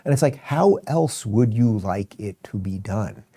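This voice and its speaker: A man's voice: lowish voice, expressive, measured pace, mellow, husky. A man hosting a political commentary show, ranting in a sarcastic, exasperated way. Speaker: show host.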